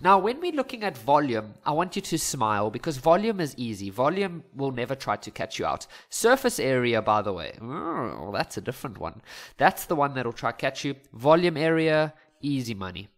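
A man's voice: mid-range voice, very animated, a little fast. Chatty, self-mocking male maths teacher. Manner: chatty, jokes and laughs at himself. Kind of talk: casual maths lesson over worked examples.

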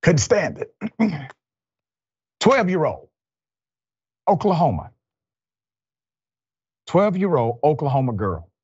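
A male show host delivering news commentary in a somber, deliberate manner. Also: on the high side, sing-song, darkish tone, breathy edge, dry recording, lo-fi sound.

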